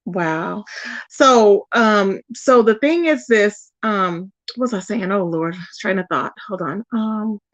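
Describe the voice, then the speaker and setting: A woman's voice: medium pitch, takes it slowly, dry recording. A woman hosting a casual live stream, chatting animatedly with her viewers and reading their comments aloud. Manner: chatty and animated, talks to chat, says "child" and "y'all". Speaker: YouTube live host.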